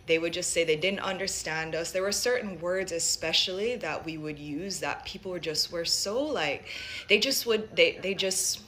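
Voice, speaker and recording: A woman from Jamaica raised in America, telling a personal story in a reflective, halting way. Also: lowish voice, pushed and bright, a little hiss or hum.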